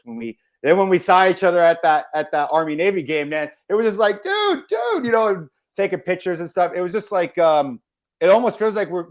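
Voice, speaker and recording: Halting, grateful man guest. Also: medium pitch. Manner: halting, full of fillers and restarts, grateful. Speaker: podcast guest. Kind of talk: casual conversation.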